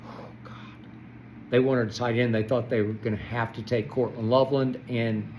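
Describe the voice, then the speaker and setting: A man's voice: medium pitch, flat delivery, normal speed, slight background noise, rough recording. Impassioned older man ranting about football. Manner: impassioned, swings between shouting and soft muttering. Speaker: sports commentator host. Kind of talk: solo sports rant to camera.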